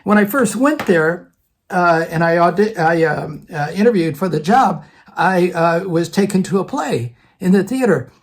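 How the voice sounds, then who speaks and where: An older man, a retired theater department head, telling a personal story in a relaxed conversational way and acting out other people's lines. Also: high voice, measured pace.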